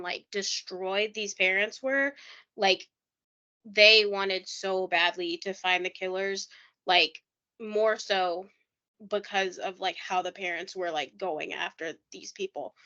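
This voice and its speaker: A woman's voice: medium pitch, slow pace, sharp tone, highs cut off. A woman co-hosting a casual true-crime podcast, chatting loosely with lots of "like" and reading quotes aloud. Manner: chatty, heavy use of "like", reads quotes aloud. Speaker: podcast co-host.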